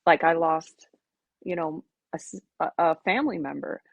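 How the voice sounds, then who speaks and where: A woman guest on a podcast, talking in an earnest, reflective, halting way in casual interview chat. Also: low voice, vocal fry, dry recording. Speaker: podcast guest, melanoma advocate. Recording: dull lo-fi podcast audio.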